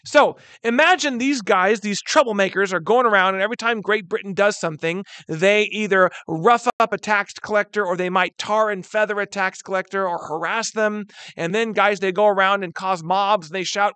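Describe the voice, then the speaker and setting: A man teaching a history lesson in an animated way, who keeps calling his listeners "guys" and briefly acts out quotes. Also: high voice, moderate pace, no room sound. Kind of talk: recorded history lecture.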